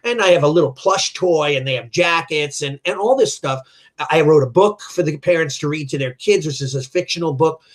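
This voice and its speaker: Man in his middle years, raised voice pitch, chatty and animated, talks business. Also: a little fast. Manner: animated, acts out quoted dialogue. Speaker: martial arts school owner. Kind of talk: storytelling in a business chat.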